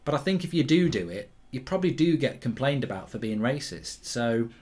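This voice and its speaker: A man hosting a live football watchalong, reacting excitably to the play and reading out viewer comments. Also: mid-range voice, a little fast. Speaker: host.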